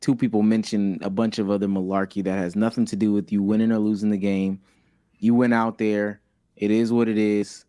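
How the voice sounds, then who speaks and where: A man's voice: fairly low pitch, level tone, brisk, dark tone, clean tone, no room sound, clean studio sound. A man co-hosting a casual sports podcast, blunt and emphatic, hammering the same point again and again. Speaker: podcast co-host.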